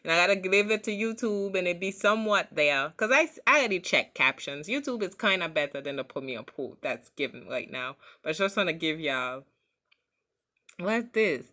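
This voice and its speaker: Young female vlogger, French accent, low voice, bright tone, casual rambling chat. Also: animated, normal speed. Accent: French-accented English. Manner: chatty, grateful, rambling with restarts. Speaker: vlogger and streamer.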